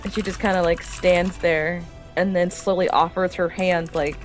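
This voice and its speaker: A woman's voice: on the low side, fairly even intonation, moderate pace, over music. A woman playing a tabletop game, talking casually and hesitantly with lots of filler words. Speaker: player.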